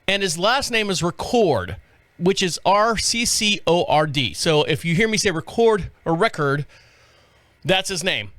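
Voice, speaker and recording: A man's voice: high voice, fairly bright tone, dry recording. A man hosting a talk podcast in a small studio, rambling and chatty as he reads stories, often tripping over names. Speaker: podcast host. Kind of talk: casual talk show monologue. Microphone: studio mic on a stand.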